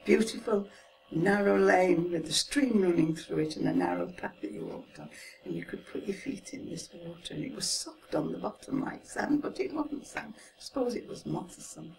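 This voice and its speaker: Her lowish voice is creaky and sing-song, moving at a normal speed, as this Manchester-born woman in her seventies casually recounts her life to an interviewer. She has a Mancunian accent, chats freely with lots of laughter, and trails off softly. It's a hissy home recording captured from a distant microphone.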